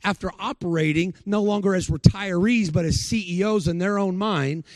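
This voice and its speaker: A man's voice: high-pitched, normal speed, no room sound. A male preacher giving a sermon, telling stories and acting out the people he quotes. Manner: storytelling, acts out the people he quotes.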